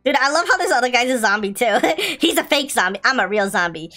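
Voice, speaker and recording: Young woman doing let's-play commentary, high voice, keeps giggling, bit of game music behind. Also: animated, quick pace, pushed and bright. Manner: playful, giggly, reads in-game dialogue aloud. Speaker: gaming YouTuber.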